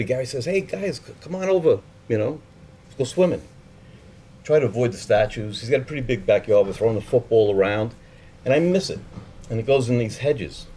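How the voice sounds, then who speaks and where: A man spins a story for a live crowd in a relaxed, conversational way. He drops casual swears and pops his voice up high whenever he acts out what someone else said. A faint hiss sits under the recording. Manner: animated, acting out the people he quotes with higher voices.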